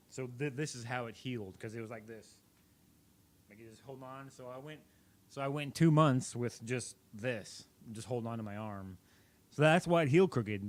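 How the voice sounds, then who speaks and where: A young man chats to the camera in a loose, rambling way, circling back and correcting himself as he goes. His voice sits at an ordinary middle pitch for a man. He sounds like a casual vlogger telling a story. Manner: rambling, self-correcting, chatty.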